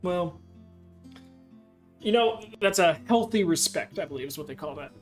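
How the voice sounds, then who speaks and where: A man with a somewhat higher voice talks casually as the game master. He moves from friendly banter to calmly explaining the plans for the campaign, and soft music plays faintly behind him. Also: moderate pace. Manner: easygoing, methodically laying out plans. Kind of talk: casual chat.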